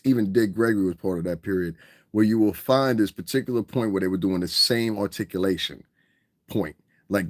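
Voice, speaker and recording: A man hosting a podcast in a casual, animated monologue, swearing and mimicking other people's voices. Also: deep voice, no echo, studio quality. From United States. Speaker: podcast host.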